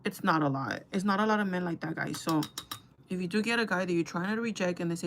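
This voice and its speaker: A woman's voice: lowish voice, fast talker, slight background noise. A young woman chatting casually to her viewers while doing her makeup, gossipy and talkative, calling them girl and guys. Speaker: beauty vlogger.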